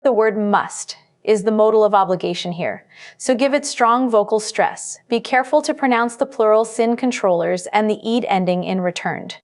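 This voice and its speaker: A woman gives a scripted English test-prep lesson. Her voice is mid-pitched and even. She speaks in a clear, measured, instructive way.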